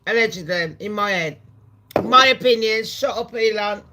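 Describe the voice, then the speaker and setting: A woman hosting a casual commentary vlog, talking bluntly and profanely in a chatty way, with loud excited bursts. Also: medium pitch, moderate pace, slight background noise. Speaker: channel host.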